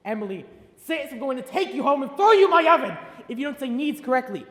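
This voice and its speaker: A woman's voice: high voice, big pitch swings, quick pace. A young woman acting in a school play as a strict, threatening schoolteacher who lectures and snaps orders theatrically. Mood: demanding. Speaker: drama club student actor. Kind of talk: high school stage play. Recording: echoey auditorium, from a distance.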